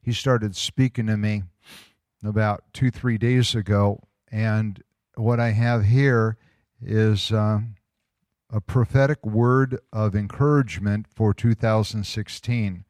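A man giving a sermon as pastor, reading a prophetic word slowly and with emphasis, with casual asides in between. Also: lowish voice, steady tone, a little mellow, no room sound, studio quality. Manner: conversational asides with fillers.

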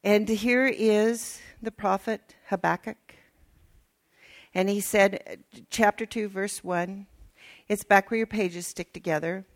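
A woman's voice: medium pitch, fairly even intonation, takes it slowly. An older woman minister, preaching a chatty, folksy sermon with asides to her congregation.

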